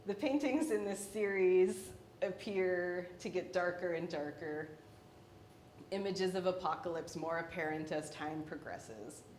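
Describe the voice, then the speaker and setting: A young woman presents her own paintings with a wry, self-mocking humor. Her voice sits a little low. The room is echoey and a faint rumble runs underneath. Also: measured pace, a little mellow. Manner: wry, self-deprecating, laughs between points. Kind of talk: artist talk about her work.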